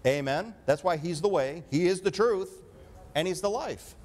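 Male preacher, slightly high voice, emphatic sermon delivery with call-and-response. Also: animated, normal speed, a little mellow. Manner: emphatic preaching, asks congregation for amen.

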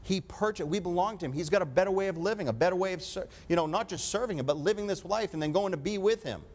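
Emphatic preacher, man with higher voice. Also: fast, darkish tone. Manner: emphatic preaching, asks congregation for amen. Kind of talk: sermon.

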